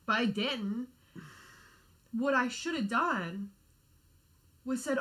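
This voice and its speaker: A woman's voice: medium pitch, a little slow. A woman co-hosting a casual livestream, telling a story with lots of swearing and quoted asides. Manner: animated storytelling, swears freely. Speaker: podcast co-host.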